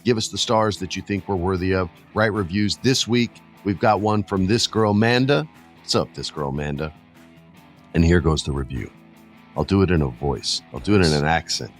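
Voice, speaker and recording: A middle-aged man hosting a casual podcast, animated and jokey, often jumping his pitch for emphasis. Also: moderate pace, faint music behind. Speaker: podcast host.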